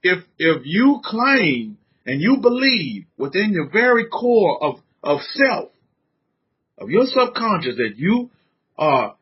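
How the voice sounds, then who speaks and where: A man's voice: sits high, very animated, slow pace, slightly rough. A man giving an informal sermon as a religious teacher, fervent and conversational, with casual slang. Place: San Antonio. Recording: dull lo-fi recording.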